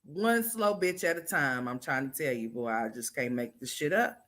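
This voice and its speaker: A woman streamer giving blunt, profane reaction commentary, talking straight to her live chat and swinging between loud and quiet. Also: a bass voice, animated, normal speed.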